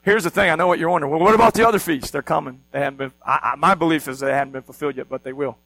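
A man's voice: a little high, rapid-fire, vocal fry, fairly bright tone, no room sound, poor audio. A man preaching a sermon as pastor, teaching with energy and often asking the congregation questions.

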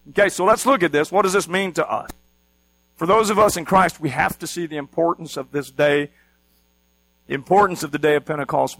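A man's voice: a little high, fairly bright tone, poor audio. A man preaching a sermon as pastor, teaching with energy and often asking the congregation questions.

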